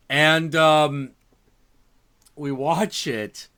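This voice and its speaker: A man's voice: medium pitch, normal speed. A man in his thirties hosting a show, telling stories in casual chat with lots of swearing. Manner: animated, profane storyteller. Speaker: show host.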